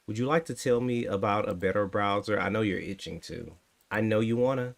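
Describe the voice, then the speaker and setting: A man's voice: on the low side, brisk, vocal fry. A man in his thirties chatting casually with his stream viewers while coding, with a teasing, sarcastic manner that drifts into thinking aloud. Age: 30s. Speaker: coding streamer talking to chat.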